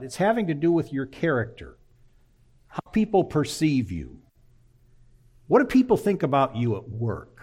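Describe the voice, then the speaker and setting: An older man preaching a sermon in a folksy, conversational way, often checking in with "okay.". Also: on the high side. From Michigan. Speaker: pastor.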